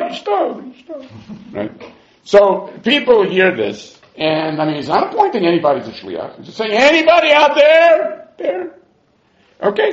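Man, Talmud lecture, animated, high-pitched, echoey dull room sound. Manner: animated, argues both sides in quoted voices. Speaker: Talmud teacher.

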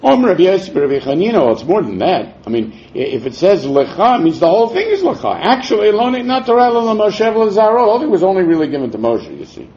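A man teaching a Talmud class, explaining verses in a lively way with frequent chuckles, on a dull lo-fi recording. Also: high voice, fast, hardly any pauses.

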